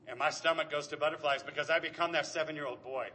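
A man's voice: a little high, fairly even intonation, quick pace, hardly any pauses, bright, forceful tone, a little hiss or hum. A middle-aged man giving an earnest, emotional personal recovery share. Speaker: speaker at a recovery meeting.

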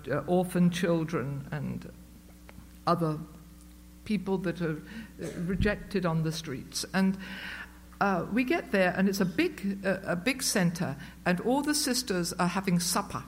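A woman's voice: lowish voice, slight background noise. A woman sharing a personal story with a group at a meeting, chatty and self-mocking, with many fillers and restarts. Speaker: speaker sharing at a recovery meeting. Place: meeting room with a live audience.

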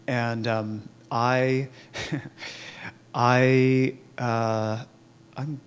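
A man telling his own recovery story in a candid, halting way, with many fillers and restarts. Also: medium pitch, flat delivery, clean tone. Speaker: recovery program member sharing his story. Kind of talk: personal testimony, conversational.

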